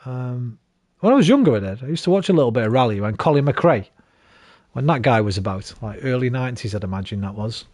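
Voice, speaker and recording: A British man in his thirties with a British English accent streams a football game, talking fast in an expressive, medium-pitched, slightly mellow voice, chatting casually, swearing freely and ranting at his team. The recording is dry but has a noisy background.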